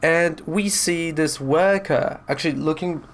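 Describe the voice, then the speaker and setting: A man's voice: fairly high pitch, unhurried, slight background noise. A man casually reviewing a comic book, chatty and rambling as he retells the story.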